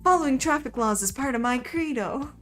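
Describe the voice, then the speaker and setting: A woman's voice: high-pitched, expressive, fairly quick, faint music behind. A woman voicing a stern older female sparrow who rides a scooter, with a put-on Southern US drawl. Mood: gruff.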